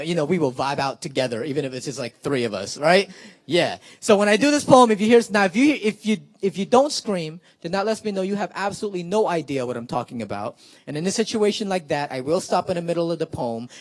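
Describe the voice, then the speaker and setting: A young man from South Florida, a spoken word poet talking animatedly to a live crowd with lots of "like" fillers, then performing a poem. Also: a little high.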